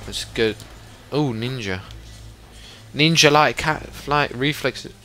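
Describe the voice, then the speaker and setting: A young man giving excitable live commentary over a shooter game, sometimes swearing at it. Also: medium pitch, takes it slowly, long pauses, a little hiss or hum. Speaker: gaming commentator.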